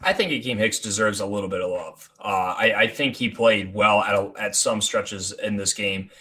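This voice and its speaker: Man with a bright, forceful low voice. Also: normal speed. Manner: thoughtful, builds a point with examples. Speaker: podcast co-host. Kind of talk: sports podcast discussion.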